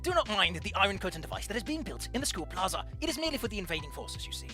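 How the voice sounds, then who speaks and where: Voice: medium pitch, sing-song, very fast, music in the background, close to an everyday voice. A streamer voicing an eccentric male photography teacher in a put-on British accent, with a playful, mock-stern manner, for a game.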